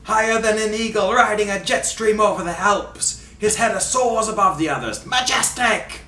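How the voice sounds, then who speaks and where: A man's voice: sits high, normal speed, bright, forceful tone, slight background noise, pitched above the performer's own voice. A man doing a fake Scottish accent as a flowery, over-the-top soccer commentator, with theatrical delivery. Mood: gushing. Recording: echoey room, mic at a distance.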